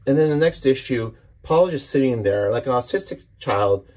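A man's voice: mid-range voice, lively intonation, moderate pace, darkish tone. A man casually walking through a comic book issue page by page, enthusiastic and rambling, often restarting his sentences.

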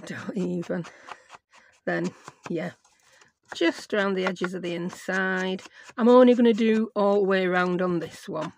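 A woman's voice: mid-range voice, normal speed, gravelly, a little mellow, slight background noise. A middle-aged woman, hosting a chatty crafting tutorial and rambling to herself as she works. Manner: rambling, self-mocking, talks to herself while working. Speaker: craft channel host.

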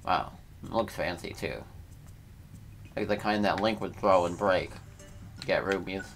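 A man's voice: deep voice, unhurried, vocal fry, a bit bright, faint music behind. A young man giving casual, laid-back gameplay commentary and reacting aloud in slangy talk. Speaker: let's player.

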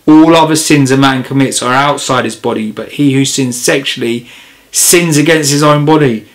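Earnest preacher, impassioned. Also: male voice, medium pitch. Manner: earnest, grows impassioned and emphatic. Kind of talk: informal sermon with scripture reading.

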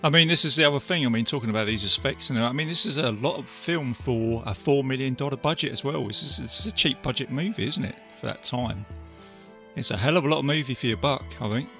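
A man's voice: mid-range voice, fast talker, pushed and bright, faint music behind. A man in a casual film review podcast, who keeps adding tag questions and laughs often. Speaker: podcast co-host.

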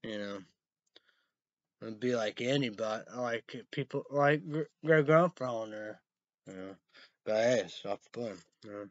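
A man vlogging in a rambling casual monologue, spelling words out letter by letter and breaking into high excited outbursts. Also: measured pace, dry recording. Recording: dull lo-fi sound.

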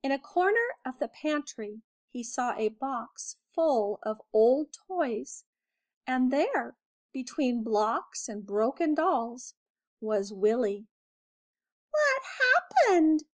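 A woman teacher reading a children's picture book aloud with expressive storytelling. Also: on the high side, slow pace.

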